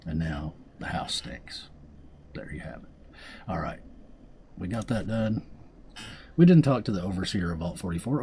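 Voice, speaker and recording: A man's voice: low-pitched, expressive, normal speed, long pauses, noisy background. A man casually commentating his gameplay, joking around and sometimes reading game lines in silly voices. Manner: joking, reads game dialogue aloud in goofy voices. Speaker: gaming video host.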